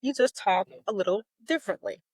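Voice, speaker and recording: A woman in her forties who stutters, telling her story as a guest in an interview with warm laughter and emphasis. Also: medium pitch, a little fast, no echo. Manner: stutters with repeated sounds and words. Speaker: guest, educator.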